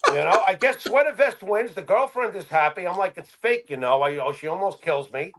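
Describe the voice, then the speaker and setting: A man co-hosting a podcast, chatting casually and acting out quotes as he tells animated stories. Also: high voice, brisk. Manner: animated storytelling, acts out quotes with laughs. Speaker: podcast co-host. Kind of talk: casual chat.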